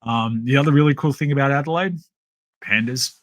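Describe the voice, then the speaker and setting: Australian male podcast host, casual live-stream storyteller, mid pitch, dry room. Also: fairly quick, no echo. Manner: rambling, animated storytelling with many fillers.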